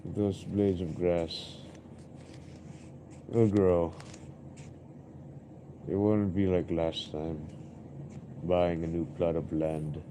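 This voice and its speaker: A man's voice: deep voice, little pitch movement, very slow, pauses often, warm tone, a little hiss or hum. A young man streaming live, rambling and musing aloud in an introspective way, often repeating himself.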